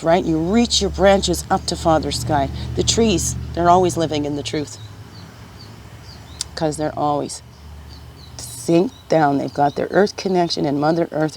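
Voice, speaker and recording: A woman giving a casual spiritual card reading, musing gently and often checking in with "right?". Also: low-pitched, a little hiss or hum.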